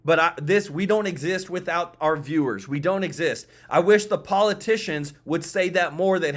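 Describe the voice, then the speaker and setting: Man, higher voice, emphatic repetitive host addressing viewers. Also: normal speed, few pauses, a bit bright. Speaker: political commentary host. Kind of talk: casual political commentary.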